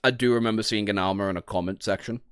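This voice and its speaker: A man from the North of England with a Northern English accent, casually chatting on a livestream. He swears freely, laughs often and jumps into high-pitched outbursts. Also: steady tone, fast talker, fairly bright tone, smooth, dry recording, clean studio sound. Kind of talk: casual livestream chat, reading and reacting to chat.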